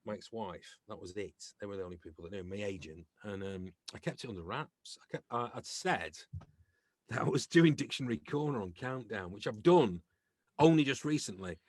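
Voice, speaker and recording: Middle-aged man from England, podcast guest, animated anecdotes, acts out quoted voices, dry close sound. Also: on the low side, brisk, no echo. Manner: lively storyteller who acts out quoted voices. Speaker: guest, comedian and actor. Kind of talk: casual anecdotal chat.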